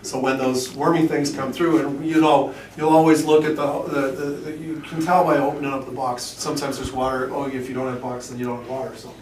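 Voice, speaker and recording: With a medium-pitched voice and flat delivery, a man demonstrates oyster shucking to fish shop staff indoors, talking fairly quickly with hardly any pauses. He jokes, rambles, and acts out small quotes as he works. A distant camera catches the roomy sound along with a faint hum.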